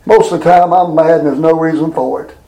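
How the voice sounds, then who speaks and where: An older man preaching a folksy sermon, talking plainly and drawing out scripture slowly for emphasis. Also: a little high, fairly even intonation, mellow, roomy sound, poor audio.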